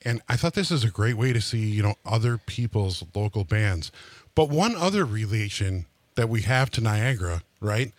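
A man's voice: on the low side, expressive, normal speed, no echo. Rambling male radio co-host, dry sound. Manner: rambling, explanatory, many fillers. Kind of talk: casual radio chat.

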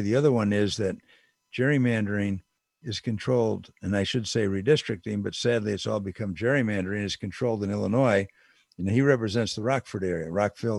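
A man's voice: lowish voice, gravelly, a little mellow, no echo, studio quality. An older man giving a casual, digressive political commentary monologue with emphatic asides.

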